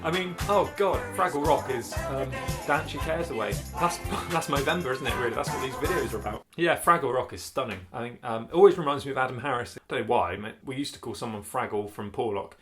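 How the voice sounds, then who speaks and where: A man's voice: medium pitch, fast talker, hardly any pauses, over music. A middle-aged man hosting a casual vlog, chatty and joking, often laughing as he talks. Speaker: vlog host. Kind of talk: casual chat.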